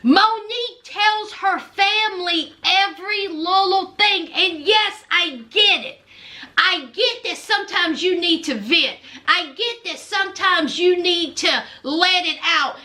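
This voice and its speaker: Woman, high bright voice, unhurried, lively casual recap, talks right to viewers. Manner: animated, dramatic, addresses viewers as y'all. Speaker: reality TV recap host.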